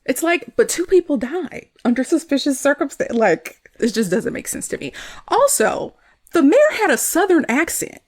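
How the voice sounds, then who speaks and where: A woman's voice: sits high, very animated, moderate pace, a little mellow. A woman hosting a podcast, chatting casually about a movie, with a lot of "like" and frequent laughs. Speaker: podcast host. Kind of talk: casual movie review chat.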